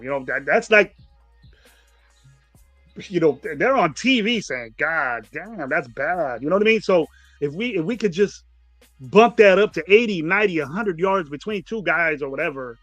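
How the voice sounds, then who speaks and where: A man's voice: high voice, animated, moderate pace, fairly bright tone, no room sound, faint music behind. A man in casual sports talk, blunt and emphatic, repeating his points for effect. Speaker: podcast host.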